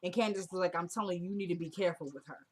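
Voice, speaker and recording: A woman casually recapping a TV drama episode, retelling scenes by quoting the characters in a soft murmur. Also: lowish voice, steady tone, very fast, slightly rough. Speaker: TV recap vlogger.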